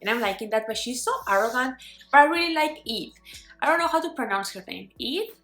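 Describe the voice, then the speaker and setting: A young woman who grew up speaking chats through her reading day, playful and full of "like" fillers. Her voice sits a little high. The room is echoey, with light music under her talk. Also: lively intonation, quick pace, fairly bright tone. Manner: chatty, playful, rambling with many "like" fillers. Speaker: book vlogger. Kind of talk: casual vlog chat. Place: bedroom at home.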